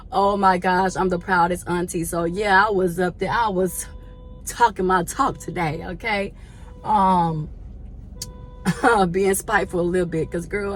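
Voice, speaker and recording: A woman telling a lively story to her viewers, chatty and slangy, laughing often and calling them y'all. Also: mid-range voice, a little hiss or hum. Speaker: vlogger.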